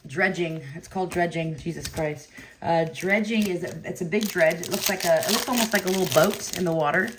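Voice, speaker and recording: Low-pitched lady chatting away while ripping card packs, laughs a bunch, lots of crinkly noise in the background. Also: brisk. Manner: chatty, laughs often, talks to viewers by name. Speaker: card break host. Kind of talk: casual chat while opening cards.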